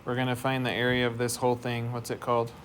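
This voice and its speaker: A male math teacher with a mid-range, monotone voice talks fast, patiently working through problems step by step and putting questions to the class. Classroom noise is audible throughout the recording.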